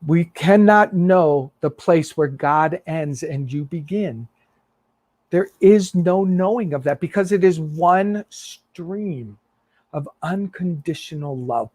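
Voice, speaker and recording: A man's voice: fairly high pitch, slow pace, darkish tone, no echo. Earnest male minister telling a sermon story.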